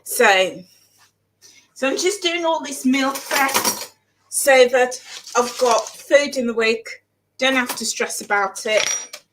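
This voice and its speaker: A woman talks casually to her viewers while she cooks in her home kitchen. Her voice sits a little on the high side, and she rambles, repeating phrases for emphasis. A faint hiss of background noise runs under her voice. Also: slow pace, long pauses. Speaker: vlogger. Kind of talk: casual chat while cooking.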